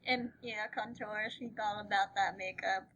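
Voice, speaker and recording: A woman's voice: medium pitch, fairly even intonation, moderate pace, a bit bright, poor audio. A woman in a casual podcast chat, giggly and hesitant, often trailing off. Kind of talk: casual chat among friends.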